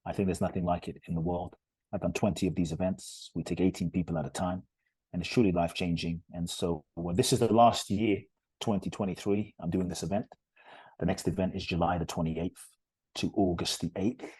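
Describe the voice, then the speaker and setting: A man's voice: sits low, steady tone, brisk, mellow, husky, no room sound. A man, a podcast guest and retreat leader, telling stories in an earnest, emphatic and heartfelt way. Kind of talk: conversational storytelling interview.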